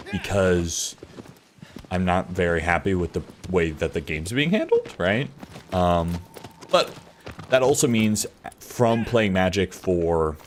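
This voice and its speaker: A man's voice: deep voice, slight background noise. A man streaming a video game from his home office, chatting casually with many fillers and the odd swear. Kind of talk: casual live-stream chat while gaming.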